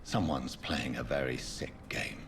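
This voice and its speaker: An actor playing a brooding young vampire doctor in a video game, speaking in a solemn, measured way. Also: male voice, noisy background. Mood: grim. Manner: solemn, measured, low-key. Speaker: game protagonist.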